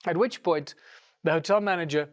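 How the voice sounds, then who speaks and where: A middle-aged man with a South African accent telling a story in a lively way and giving the characters their own voices. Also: on the high side, moderate pace. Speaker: speaker. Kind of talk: storytelling talk.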